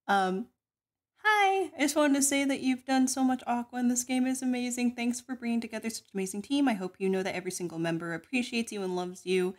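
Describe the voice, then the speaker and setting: A young woman streamer, giggling often as she reads out donations in casual chat. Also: on the high side. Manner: giggly, laughs often between words.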